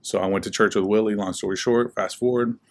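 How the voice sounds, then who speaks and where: A young man telling his life story in a relaxed, chatty interview. He fills his talk with "like" and acts out the voices he quotes. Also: on the low side, fast talker, background noise. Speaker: guest speaker.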